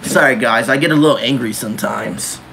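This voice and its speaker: A man's voice: medium pitch, brisk, creaky, sharp tone, slight background noise. A young man livestreaming in a joking emo persona, full of mock-teen slang and frequent laughter.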